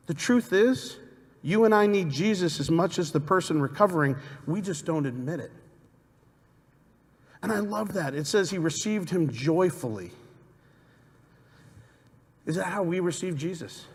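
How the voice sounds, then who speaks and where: A man's voice: high-pitched, expressive, measured pace, long pauses. A middle-aged man giving a storytelling sermon as a guest pastor, talking conversationally and asking the congregation questions. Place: church sanctuary. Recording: long reverb of a large church hall.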